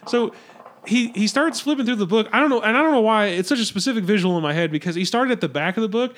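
A man's voice: sits high, animated, fast, slight background noise. A young man co-hosting a casual podcast, telling rambling work stories with plenty of swearing. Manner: rambling storyteller, swearing, laughing at his own jokes. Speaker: podcast co-host. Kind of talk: casual chat.

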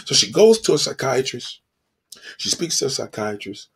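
Man commentator, ranting and emphatic, husky and animated. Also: mid-range voice, moderate pace. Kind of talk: heated opinion monologue.

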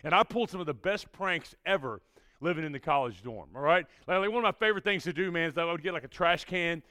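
Man, preacher, youth group storytelling, energetic, high voice, dry close sound. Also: quick pace, no room sound. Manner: energetic, tags lines with "all right?".

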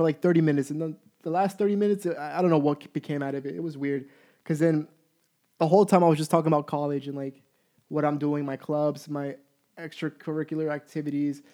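A young man in his twenties with a voice pitched a touch high tells a story casually. He is blunt and profane, and he talks in an animated, offhand way. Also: fairly quick. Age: 20s. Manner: candid, profane, animated anecdote.

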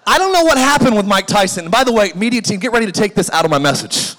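Pastor, male, 40s, very high voice, playful storyteller, recorded with long hall reverb in a big church. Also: fast. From Southern California. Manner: animated, jokey, acts out quoted voices. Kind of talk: sermon with humorous storytelling.

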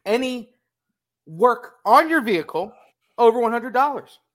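A man's voice: extremely high pitch, animated, unhurried, fairly bright tone. A man with a New Jersey accent hosting a casual sports podcast, upbeat and playful, working in sponsor plugs. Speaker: podcast host.

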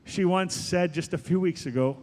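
A man in his forties preaching a sermon as pastor, animated and emphatic, rising to higher peaks. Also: moderate pace, a little hiss or hum. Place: church sanctuary. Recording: long hall reverb.

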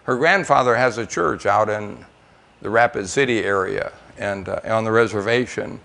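A man's voice: lowish voice, normal speed, vocal fry, fairly bright tone. Older man, from the United States, church talk, folksy missionary stories, rambling with repeats. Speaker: missionary speaker. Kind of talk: church testimony and storytelling.

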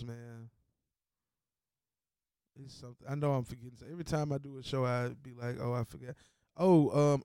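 A young man hosting his own show, switching between heated profane rants and low-key asides. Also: a little mellow, clear, resonant tone, no room sound, clean studio sound. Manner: heated, profane, emphatic repetition; low-key, trailing off, mumbling. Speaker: podcast host. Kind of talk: casual rant and commentary.

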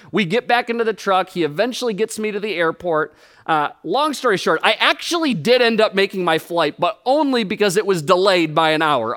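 Male pastor, higher-pitched voice, animated storyteller, sermon with humor. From United States.

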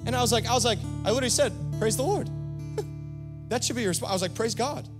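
A male pastor preaching a sermon, animated, often repeating words as he builds. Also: very high voice, fast. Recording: loud music behind the voice.

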